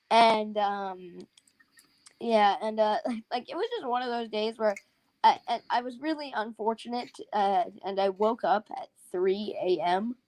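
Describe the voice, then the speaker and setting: A woman's voice: mid-range voice, measured pace, no room sound, poor audio. Woman, stream co-host, tired and rambling, dry close sound. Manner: rambling, restarts a lot. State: tired, yawning. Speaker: livestream co-host. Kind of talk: casual stream chat.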